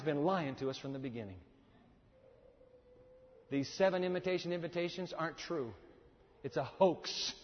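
A male preacher delivering a sermon, swinging from loud exhortation to hushed intensity, in a church. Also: fairly high pitch, moderate pace, long pauses, a little hiss or hum. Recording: echoey hall, dull lo-fi sound.

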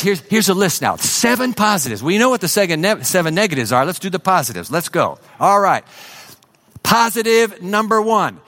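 Male pastor, fairly high voice, emphatic sermon delivery that drops to a hush. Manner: emphatic preacher, swings from loud to hushed.

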